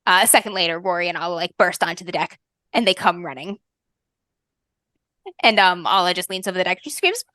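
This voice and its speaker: A woman game master narrating a fantasy tabletop game in a soft, lyrical way, with frequent ums. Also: on the low side, fairly quick, long pauses, no echo, clean studio sound.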